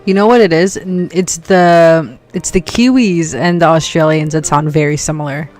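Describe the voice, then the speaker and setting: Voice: medium pitch, steady tone, normal speed, a little mellow, faint music behind. A streamer chatting casually while gaming, telling stories with lots of "like" fillers. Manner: chatty storyteller, heavy use of "like".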